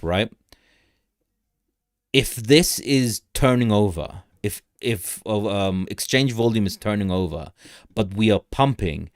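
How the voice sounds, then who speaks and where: A man's voice: on the low side, no room sound, studio quality. A young man hosting a casual crypto livestream, rambling through charts, greeting viewers in the chat and laughing often.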